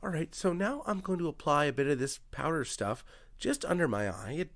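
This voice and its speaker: A man voicing a host giving a makeup tutorial while talking about crime cases, speaking softly and with mock earnestness. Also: on the high side, big pitch swings, a little fast, faint music behind. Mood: hushed.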